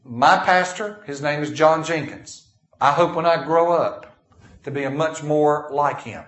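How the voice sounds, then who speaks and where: A man preaches in an echoey church, his voice sitting a little higher than most men's. He tells homespun stories between readings of King James scripture. The room's reverb hangs behind every line. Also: measured pace, fairly bright tone. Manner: folksy storytelling, reads scripture in King James wording. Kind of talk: sermon. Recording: echoey room.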